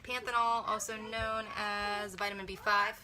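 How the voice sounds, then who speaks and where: A woman's voice: mid-range voice, level tone, a little slow, noisy background. A young woman, a mother, chatting casually through a beauty kit unboxing, thinking aloud and correcting herself as she reads viewer comments.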